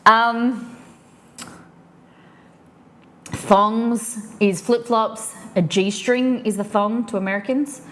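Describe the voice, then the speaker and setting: An Australian woman hosts a livestream, chatting casually and rambling as she explains slang to viewers, filling her talk with "like." Her voice is on the high side, with fairly even intonation and a slow pace.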